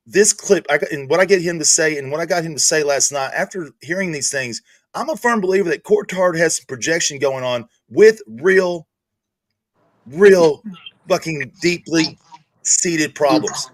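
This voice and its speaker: A man with a slightly high, animated voice speaks at normal speed with no room sound. He's hosting a livestream and delivering a heated rant, angry and profane, cursing a lot and repeatedly restarting his sentences.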